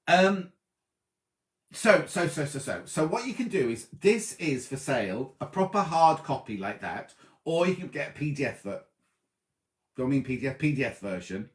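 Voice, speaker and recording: A man's voice: mid-range voice, normal speed, pauses often. A man hosting a casual sewing show, chatting and reading out viewers' greetings. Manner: chatty, reads out viewer greetings with lively asides. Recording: roomy echoey room.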